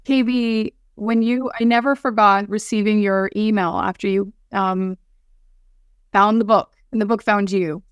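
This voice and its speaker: A woman's voice: mid-range voice, fairly even intonation, unhurried, clean tone, no room sound, muffled recording. A woman guest on a podcast, speaking earnestly and from the heart, often restarting her sentences.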